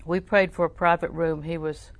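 An older woman teaching a sermon through personal stories, talking conversationally and often dropping to a soft, near-whispered voice. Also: fairly low pitch, little pitch movement, normal speed, no echo. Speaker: Christian teacher.

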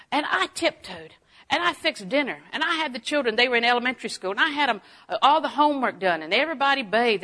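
A woman preaching a Bible lesson with a bright, forceful voice pitched a little high. She mixes personal stories with emphatic declarations that build to strong peaks. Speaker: Bible teacher. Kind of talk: sermon-style Bible teaching.

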